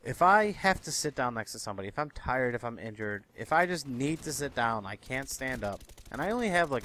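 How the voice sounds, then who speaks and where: A young man ranting through his everyday stories in a profane, exasperated, animated way, talking straight to his viewers. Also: mid-range voice, slight background noise. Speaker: commentary vlogger. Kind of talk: ranting storytelling monologue. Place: Chicago area.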